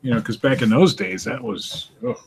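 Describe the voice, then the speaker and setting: A man's voice: mid-range voice, very animated, creaky, slight background noise. A man co-hosting a podcast, chatting casually and tossing in wisecracks. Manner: wisecracking, quick reactions. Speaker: podcast co-host. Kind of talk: casual chat.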